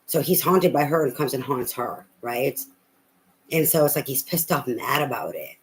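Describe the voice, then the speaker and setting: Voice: mid-range voice, moderate pace, poor audio. A tarot reader giving a casual reading, talking bluntly and emphatically with a lot of profanity and repetition.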